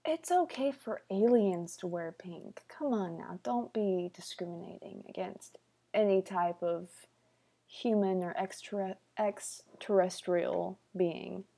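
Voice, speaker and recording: Young woman, livestream host, unhurried, warm and mellow, playful whispered asides, casual chat. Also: medium pitch, gravelly, slightly rough.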